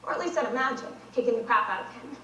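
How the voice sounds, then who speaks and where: A woman's voice: on the high side, rapid-fire, fairly bright tone, far from the mic, lo-fi sound, a little hiss or hum. Wry teen girl in an echoey hall. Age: teens. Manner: wry, sardonic storytelling. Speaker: speech competitor. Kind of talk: competitive dramatic monologue. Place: competition stage in a large hall.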